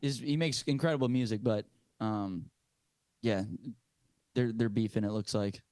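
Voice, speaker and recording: A man's voice: on the low side, steady tone, moderate pace, a little mellow, dry recording. A young man co-hosting a comedy podcast, chatting casually in a goofy way, laughing mid-sentence and slipping into impressions. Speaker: podcast co-host.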